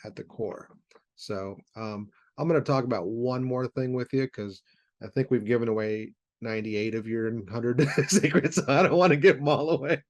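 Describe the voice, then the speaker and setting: A man's voice: mid-range voice, vocal fry, a little mellow, no room sound. A man hosting a podcast interview, giving short affirmations and thoughtful questions. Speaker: podcast host.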